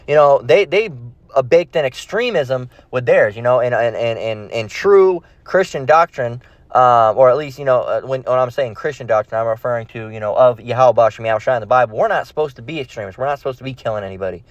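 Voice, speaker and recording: A man preaching informally to his viewers, halting and repeating himself with many fillers and restarts. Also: mid-range voice, dry recording. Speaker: online preacher. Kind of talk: informal religious commentary.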